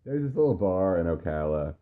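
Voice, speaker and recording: A man's voice: deep voice, big pitch swings, fairly quick. A tipsy man co-hosting a casual podcast, talking in a loose, rambling way while drinking. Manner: loose, rambling, drunk-sounding. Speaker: podcast co-host. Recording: lo-fi, phone-like sound.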